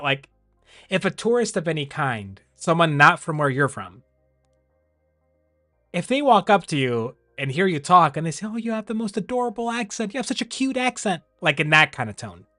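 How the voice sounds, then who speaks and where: A man's voice: a little high, no echo, studio quality. Rambling man, casual stream chat. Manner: rambling, animated, laughs often.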